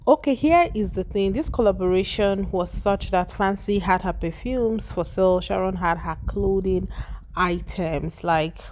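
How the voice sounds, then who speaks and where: A woman's voice: medium pitch, a little slow, a little mellow, slight background noise. A woman giving chatty, opinionated voice-over commentary as a celebrity gossip vlogger. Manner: gossipy, conversational, opinionated asides.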